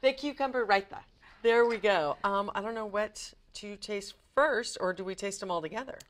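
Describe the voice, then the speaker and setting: A woman's voice: medium pitch, normal speed, fairly bright tone. A woman hosting a TV cooking show, upbeat and bubbly as she tastes and chats with a guest chef. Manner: bubbly, upbeat, laughs easily.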